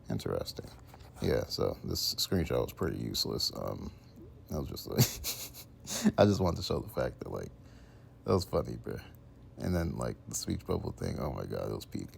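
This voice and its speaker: A young man talking casually as a vlogger, rambling through chat messages with lots of fillers and "bro", sometimes mumbling and sometimes getting loud. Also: very deep voice, very animated, normal speed, gravelly, pauses often, slightly rough.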